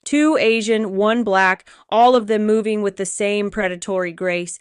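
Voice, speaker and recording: A woman reading a first-person romance audiobook with steady, expressive storytelling. Her voice is smooth and clear at a middle pitch. The recording is close and dry. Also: unhurried, no room sound. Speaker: audiobook narrator.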